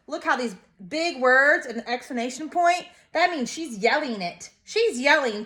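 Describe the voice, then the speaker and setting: A woman reading a storybook aloud to small children, slow and expressive. Her voice sits a little high, and she stops now and then to point out the pictures. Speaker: preschool teacher reading aloud.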